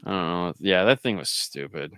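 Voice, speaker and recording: A man co-hosting a casual chat show, telling stories with lively quoted voices. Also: sits low, moderate pace, clear, resonant tone, dry recording. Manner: animated storyteller, jumps into quoted voices. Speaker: podcast co-host.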